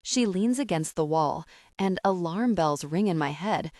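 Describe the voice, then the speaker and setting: A young adult woman reading a first-person romance audiobook with a steady, calm and expressive delivery. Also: on the low side, measured pace, no room sound. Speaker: audiobook narrator.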